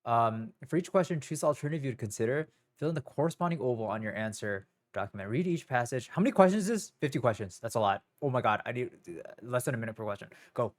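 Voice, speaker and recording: A young man streams live in a loose, casual way, rambling and nervously poking fun at himself. His voice sits at an ordinary middle pitch. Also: animated, quick pace, hardly any pauses. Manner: nervous, rambling, self-mocking.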